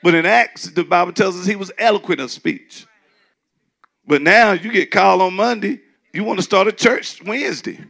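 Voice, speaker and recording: A man preaching a sermon as pastor, in a loose conversational way, who acts out doubters in a shrill mocking voice. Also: moderate pace, creaky, a bit bright. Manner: conversational preaching, mimics skeptics in a high squeal.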